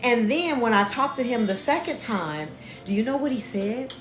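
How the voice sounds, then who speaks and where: A woman's voice: fairly high pitch, lively intonation, normal speed, echoey room. Casual woman coaching a live class. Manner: casual, keeps asking "right?" and greeting viewers by name. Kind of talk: motivational live class talk.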